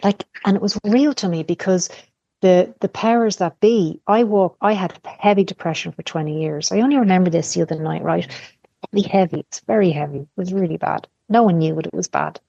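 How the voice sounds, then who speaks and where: Low-voiced woman telling candid stories. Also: fairly quick, creaky, warm tone, no echo. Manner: candid storytelling with casual swearing. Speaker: podcast guest. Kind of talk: casual conversation. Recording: dull lo-fi podcast audio.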